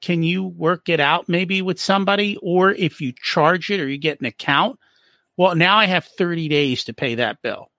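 A man's voice: fairly high pitch, normal speed, no room sound, studio quality. A man speaking as a guest in a casual interview, explaining money habits and acting out short exchanges in different voices. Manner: animated, acts out little dialogues. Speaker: business profitability guest.

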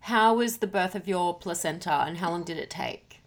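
A woman hosting an interview, asking questions in a soft, gentle way. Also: fairly low pitch, normal speed. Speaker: podcast host. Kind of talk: interviewing, brief listening responses.

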